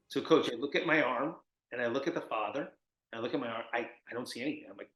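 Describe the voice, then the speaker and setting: Guy from jersey telling a story on a video call, bright and a bit high, room echo. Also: rapid-fire. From New Jersey. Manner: animated, acts out the people in his stories. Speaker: guest, recovery mentor. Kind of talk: storytelling in an interview. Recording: echoey room.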